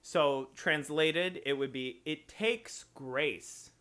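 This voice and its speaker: A man teaching voice, slowly explaining notes and phrasing in a lesson. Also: fairly high pitch, fairly bright tone, smooth. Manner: explains slowly, sings short examples.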